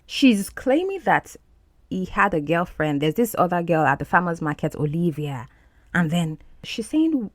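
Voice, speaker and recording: A woman's voice: fairly low pitch, expressive, moderate pace, no echo. A woman teaching English, explaining phrases from film clips in a patient, repetitive way. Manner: patient, explanatory, repeats words for practice.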